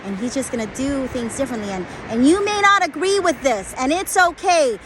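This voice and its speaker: A woman's voice: high voice, animated, a little fast, fairly bright tone, slight background noise, poor audio. A woman in her forties, an acupuncturist, giving blunt, emphatic advice through a conversational story.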